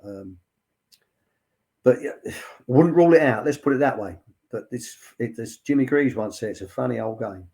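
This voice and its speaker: Older man, interview guest, rambling storyteller, lots of fillers, mid-pitched voice. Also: expressive, moderate pace, gravelly, a little mellow. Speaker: former football academy director, guest. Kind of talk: anecdotal casual chat.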